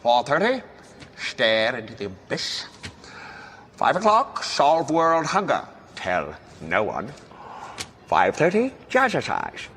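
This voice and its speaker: A man's voice: mid-range voice, huge pitch swings, slow, fairly bright tone, a little hiss or hum, heavily acted. An actor playing the grumpy, self-pitying green hermit, reading his schedule in a dry, sardonic film voice. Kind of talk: film dialogue.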